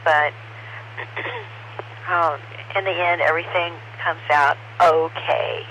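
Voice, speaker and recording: A woman's voice: lowish voice, fairly even intonation, takes it slowly, sharp tone, rough recording. A woman on an amateur radio net, talking casually and giving blunt, mildly sarcastic opinions. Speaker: ham radio net participant. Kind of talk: casual on-air chat over radio. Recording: radio audio with faint hiss.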